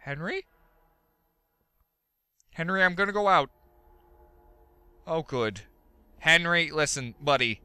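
A young man talking through a game in a high, bright voice that swoops up and down. He is jumpy and goofy, and rattles off jokes at his pet. The close mic sounds dry. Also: animated, slow, pauses often, clear, resonant tone, no echo. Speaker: gaming video host. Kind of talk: let's play commentary.

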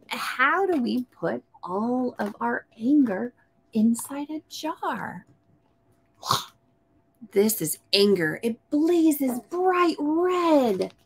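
A woman reads a picture book aloud to a small child at an unhurried pace, her voice sitting a touch higher than most. She keeps coaxing him with questions and breaks into gasps and delighted exclamations as the pages turn. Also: big pitch swings, vocal fry. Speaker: storytime host.

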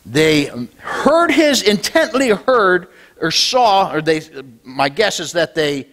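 Man preaching with a high, lively voice. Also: slow. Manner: animated preaching, swinging between loud declarations and low, quiet lines. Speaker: pastor. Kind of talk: sermon. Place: church sanctuary.

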